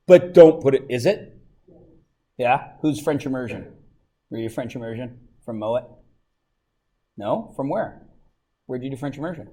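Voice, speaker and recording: A man from Canada teaching a high school math class, talking casually, joking with the students and asking them lots of questions. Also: expressive, measured pace, pauses often, warm tone. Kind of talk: classroom lesson.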